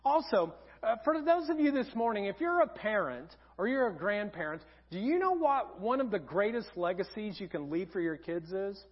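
A man preaching a sermon as pastor, telling humorous stories in an animated way in a church auditorium. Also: high voice, normal speed, hardly any pauses. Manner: humorous storytelling, animated and lively. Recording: dull sound in a reverberant auditorium.

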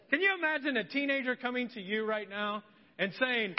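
High-voiced pastor man in a reverberant hall. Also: brisk. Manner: humorous, animated, acts out voices of people in the story. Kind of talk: sermon. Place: church hall. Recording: muffled church hall recording with long reverb.

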